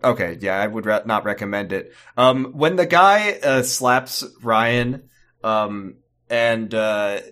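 A man's voice: on the low side, takes it slowly, fairly bright tone. A man co-hosting a casual comedy podcast, rambling and joking. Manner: rambling, joking, often doing silly voices. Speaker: podcast co-host.

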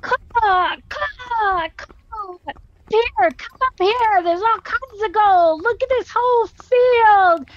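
A woman's voice: very high voice, slow, no room sound. A woman voicing a cheeky, bold crow that caws and taunts. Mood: excited. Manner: cawing, taunting. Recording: dull lo-fi audio.

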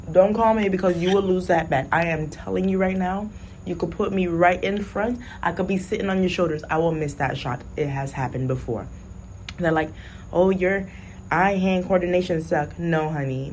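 A woman's voice: fairly low pitch, slight background noise. Blunt young woman with a lilt. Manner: blunt, animated, laughing storyteller. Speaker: vlogger. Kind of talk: casual storytime monologue.

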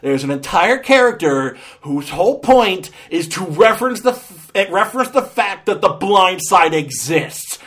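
A man giving a casual movie review, sarcastic and ranting, with loud exasperated outbursts. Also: high-pitched, big pitch swings, a little slow, hardly any pauses.

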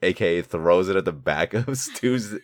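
A man's voice: expressive, normal speed, no echo, studio quality. A young man co-hosting a podcast, chatting casually about a film, swearing freely and acting out lines. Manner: swears freely, acts out characters' lines in a squeaky high voice. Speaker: podcast co-host.

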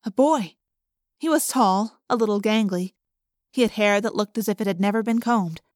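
A woman reading an audiobook aloud in first person, expressive, lifting her voice for the characters' lines. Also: normal speed, no echo, studio quality. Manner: expressive, lifting pitch for dialogue. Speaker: audiobook narrator.

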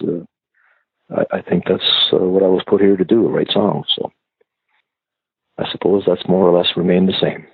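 Acadian man, singer-songwriter guest, very deep gravelly voice, halting answers over a tinny phone line. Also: no echo. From Canada. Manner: hesitant, many restarts and fillers. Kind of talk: casual interview answers.

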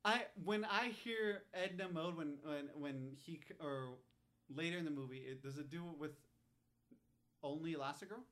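A man's voice: fairly high pitch, normal speed, a bit bright. Man chiming in on casual film chat. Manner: chimes in with short agreements and questions.

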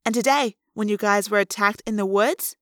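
A woman reading an audiobook, voicing a sharp, thoughtful teenage girl who fires off quick, eager questions. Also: mid-range voice, no echo, studio quality, lightly acted. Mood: excited. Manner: quick questioning bursts, rising in excitement.

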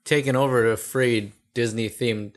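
A man's voice: medium pitch, fairly even intonation, moderate pace. Young man steering a casual chat. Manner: asks the questions, keeps the talk going.

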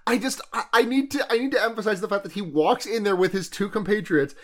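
High-voiced man, excitable and laughing. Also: fast. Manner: excitable, laughing, emphatic about funny details. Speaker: podcast co-host. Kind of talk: casual chat.

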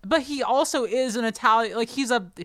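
A woman's voice: on the high side, fairly quick, no room sound, clean studio sound. A woman co-hosting a casual book podcast, chatty and enthusiastic, swearing and restarting her sentences. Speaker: podcast co-host.

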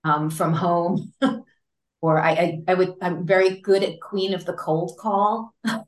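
A woman guest in an interview, telling a story in a lively way with frequent laughs, fillers and restarts. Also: fairly low pitch, measured pace. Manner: animated, laughs often, many fillers and restarts. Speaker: interview guest, patient advocate. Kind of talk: conversational storytelling. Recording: roomy echo.

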